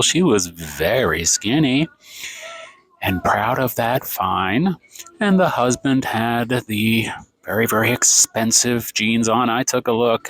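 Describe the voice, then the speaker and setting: Sarcastic man in his fifties ranting. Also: medium pitch. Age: 50s. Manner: exasperated, sarcastic, rambling. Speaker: vlogger. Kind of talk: ranting vlog. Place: café, indoors.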